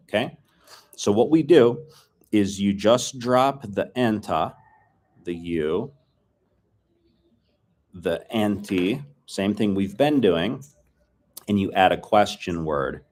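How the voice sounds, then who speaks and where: A man teaching a filmed language lesson in a relaxed, chatty way, repeating phrases to drill them. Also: deep voice.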